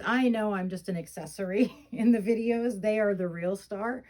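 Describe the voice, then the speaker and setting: Here the middle-aged doll vlogger has a somewhat dark tone at medium pitch and talks at a normal speed, captured on a low-quality recording. She rambles casually with lots of fillers, mixing complaints with loving remarks about her reborn dolls.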